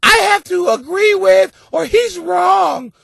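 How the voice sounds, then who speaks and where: A nagging, indignant woman shrieks in a piercing falsetto, every word an accusation. A man puts her on as part of a rant, and the dry, close sound keeps the shrill edge right up front. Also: expressive, slow pace, creaky, fairly bright tone, no echo, shouting, exaggerated voice. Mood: shrill outrage. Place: basement.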